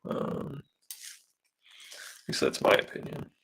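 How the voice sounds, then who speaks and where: A man streams himself drawing live, talking slowly in a slightly bright voice that is going hoarse from smoke. He chats casually and hesitantly, rambling with plenty of fillers and reading out viewer comments. The audio quality is poor.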